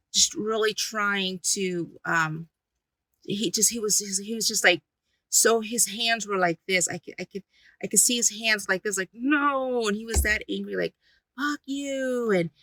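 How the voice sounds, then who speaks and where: A woman, a paranormal investigator, recounting an experience in halting speech full of fillers and restarts. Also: mid-range voice, sharp tone, dry recording, poor audio.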